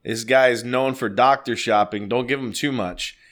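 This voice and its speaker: Man, casual storyteller, swears a lot, animated, mid-pitched voice. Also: normal speed. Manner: profane, animated, laughing as he tells it.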